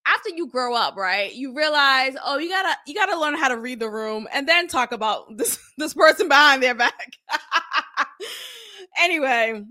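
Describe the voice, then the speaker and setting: A woman hosting her own podcast, recapping a reality show episode in a blunt, animated, slangy way and laughing often. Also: high-pitched. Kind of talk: casual recap commentary.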